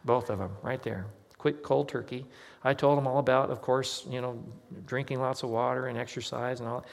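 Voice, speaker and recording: Male pastor, sermon, conversational storytelling, voices the people in his story, mid-pitched voice, long hall reverb. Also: fairly even intonation, normal speed, creaky. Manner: conversational, anecdotal, acts out quoted dialogue.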